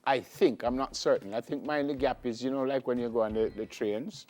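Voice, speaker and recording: A man's voice: medium pitch, brisk, darkish tone. A Jamaican man co-hosting a morning TV segment, thinking aloud with frequent ums and restarts. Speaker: morning show co-host. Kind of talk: casual studio chat. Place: TV studio.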